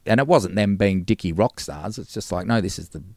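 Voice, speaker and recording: A low, gravelly-voiced man spins rambling stories in a relaxed chat. He keeps breaking into squeaky impressions of the people he describes. The sound is close and dry. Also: fairly quick, no echo. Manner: animated storyteller, jumps into high-pitched impressions of people. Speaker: podcast guest. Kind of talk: casual storytelling chat.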